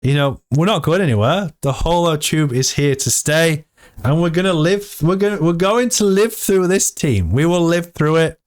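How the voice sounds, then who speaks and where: Excitable man hyping crypto. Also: on the high side, moderate pace. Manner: excitable, hyped, talks to viewers as "team". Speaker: crypto vlogger. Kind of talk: casual commentary, reading out an AMA.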